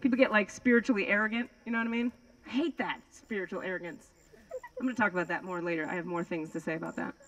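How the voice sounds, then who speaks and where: A woman's voice: medium pitch, fairly even intonation, fast talker, fairly bright tone, slight background noise, low-quality recording. A woman doing stand-up comedy outdoors on a lawn, rambling, swearing and mocking herself. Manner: rambling, profane and self-mocking. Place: outdoors on a lawn before a crowd.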